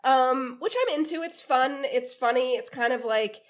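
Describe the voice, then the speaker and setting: A woman hosting a podcast in casual chat, excitable and joking as she steers the talk. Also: high-pitched, normal speed. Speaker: podcast host.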